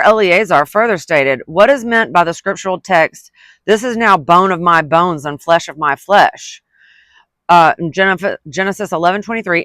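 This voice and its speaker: A vlogger reading a letter aloud, pausing to add indignant asides and stumbling over unfamiliar words before retrying them. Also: medium pitch, a bit bright, no room sound. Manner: reads quoted passages, then breaks off into indignant asides.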